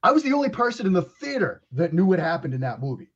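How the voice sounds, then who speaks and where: A man in his forties speaks with a strong Boston accent in a slightly high voice. He chats easily and trips over his own restarts. The remote recording sounds a bit dull and lo-fi. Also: sing-song, fast. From Waltham, Massachusetts. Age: 40s. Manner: chatty storyteller with frequent restarts. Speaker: guest analyst. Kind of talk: casual podcast chat. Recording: lo-fi remote audio.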